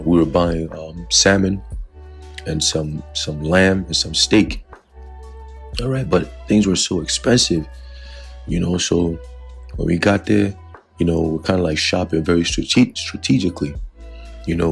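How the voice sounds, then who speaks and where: A man's voice: deep voice, vocal fry, darkish tone, husky. A man giving an informal religious lesson in a loose, conversational way, filling his talk with "you know" and "all right". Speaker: religious teacher.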